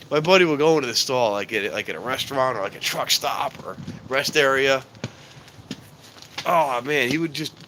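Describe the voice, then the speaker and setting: A man's voice: mid-range voice, lively intonation, moderate pace, long pauses, pushed and bright. A man hosting a casual live stream from a handheld phone, out in the cold at night and later inside an elevator, joking and rambling about wrapping up. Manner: rambling, joking, keeps promising to wrap up. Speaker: livestream host. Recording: roomy echo and clear background noise.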